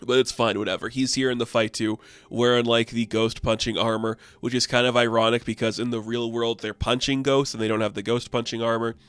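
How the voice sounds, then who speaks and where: A man's voice: medium pitch, level tone, fairly quick, few pauses, a bit bright, clear, resonant tone, no echo. A man casually reviewing a comic book in a rambling, offhand way, full of fillers.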